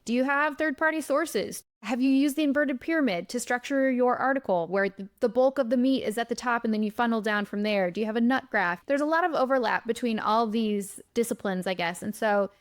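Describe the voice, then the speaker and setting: A woman speaks as an interview guest in a somewhat high voice. She explains her ideas step by step, working them out as she goes. Her delivery is conversational and unscripted. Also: brisk, few pauses. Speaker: guest, writer and content strategist. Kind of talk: interview answers.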